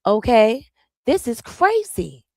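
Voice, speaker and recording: A woman's voice: on the high side, very animated, slow pace, darkish tone, dry recording. A woman hosts a live reaction stream, talking loosely and repeating herself while she juggles screens. Her voice is close and dry, with no room sound. She speaks straight to her viewers.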